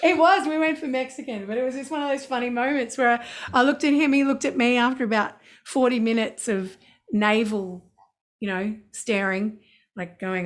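A middle-aged woman, a songwriter chatting in an interview, animated and talkative. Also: on the high side, fairly quick. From Australia. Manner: chatty and animated, breaking into sung scat syllables. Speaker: songwriter guest. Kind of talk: casual interview chat.

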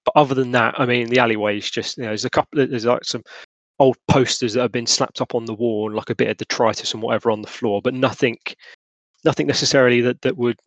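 A man's voice: medium pitch, steady tone, fast talker, no room sound. A man narrating as game master of a tabletop horror game, rambling with many fillers and restarts.

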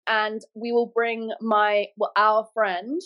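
A woman's voice: medium pitch, flat delivery, slow pace, dull audio. A woman from England co-hosting a casual podcast chat, bubbly, laughing often and swearing casually.

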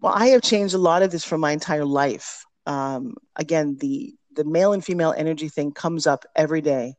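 A middle-aged woman, a personal development teacher, telling stories in an energetic, emphatic way as a guest in a casual interview. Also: deep voice, brisk, no echo.

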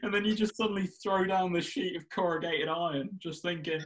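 A man's voice: on the high side, a little fast, hardly any pauses, a bit bright, poor audio. A young man, joking and rambling in a casual chat with a friend and laughing often.

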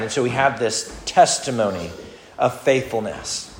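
A man's voice: medium pitch, expressive, unhurried. A male pastor giving an expository sermon in a conversational teaching manner, often restarting his phrases. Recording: roomy hall echo, faint noise.

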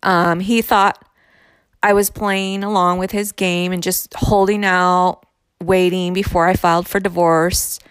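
A woman's voice: fairly low pitch, level tone, unhurried, clear, resonant tone, no echo, clean studio sound. A woman in her thirties telling a personal story candidly, in a conversational way with frequent fillers.

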